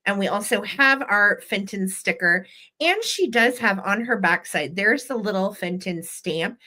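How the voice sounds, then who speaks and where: A woman's voice: mid-range voice, animated, measured pace, pushed and bright. A woman hosting a live vintage sale, chatty and upbeat, running auction countdowns. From western United States. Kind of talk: live selling chat.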